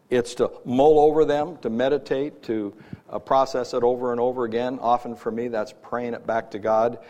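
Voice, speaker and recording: Male life coach speaking at a faith event, mid-pitched, loose and conversational, plenty of "uh"s and restarts. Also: darkish tone. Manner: conversational, with frequent fillers and restarts. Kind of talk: Christian teaching talk at an event.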